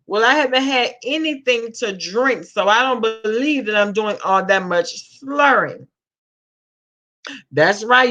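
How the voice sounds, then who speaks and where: Woman vlogger, slow drawl, dull lo-fi stream audio, gossipy chat. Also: fairly high pitch, bright, forceful tone. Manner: chatty, Southern slang, greets viewers as babe. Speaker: vlogger reading live chat. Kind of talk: casual live-stream chat.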